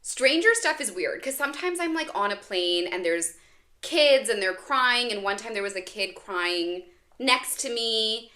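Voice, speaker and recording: A woman co-hosting a podcast in casual chat, chatty and quick to chime in with agreement. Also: a little high, lively intonation, pushed and bright. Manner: chatty, frequent agreeing interjections. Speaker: podcast co-host.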